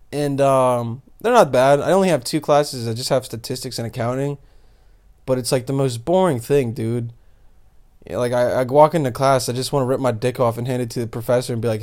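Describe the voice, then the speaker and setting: A young man hosting a podcast solo, telling crude, rambling stories full of swearing and jokes. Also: medium pitch. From Bosnia. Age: young adult. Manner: rambling, profane, jokey storytelling. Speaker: podcast host. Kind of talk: crude casual monologue.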